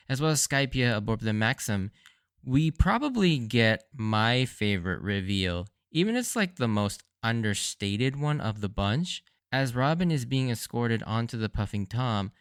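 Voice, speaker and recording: A man hosting a solo podcast, recapping episodes in an enthusiastic, animated fan style. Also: fairly low pitch, clean tone, no echo, studio quality. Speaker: podcast host. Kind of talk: casual solo anime rewatch commentary.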